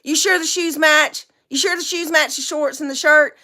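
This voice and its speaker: A woman putting on the voice of her grown son, who frets anxiously over his outfit in a high, whiny tone. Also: steady tone, moderate pace, pushed and bright. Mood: fretful.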